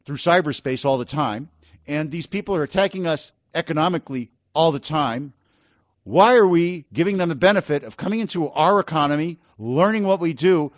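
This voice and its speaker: Male talk radio host with a slightly high voice and a dry studio sound. Punchy and opinionated. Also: no echo. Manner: brisk and opinionated, with rhetorical questions. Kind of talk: business talk radio with editorials.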